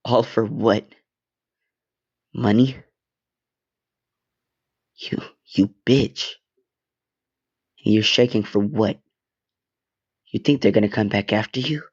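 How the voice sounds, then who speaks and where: A man's voice: lowish voice, breathy edge, muffled recording. A man voicing a vengeful teenage boy who mocks and threatens in a cold, sneering way. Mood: menacing. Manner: threatening, sneering, drawn-out menace.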